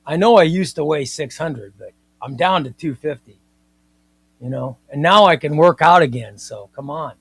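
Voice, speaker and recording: A man chats on his live stream about comics and giveaways, reading viewer comments aloud. He has a somewhat high voice and a playful, excitable, mock-indignant manner. The sound is close and dry, with no room around it. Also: moderate pace, vocal fry, husky, no echo.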